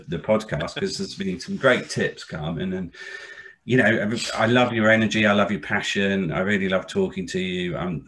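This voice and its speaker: A very low-pitched man hosts a casual interview. He talks haltingly, with restarts, and murmurs agreement while his guest speaks. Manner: warm-spoken, halting, lots of mm-hmm backchannels. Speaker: podcast host.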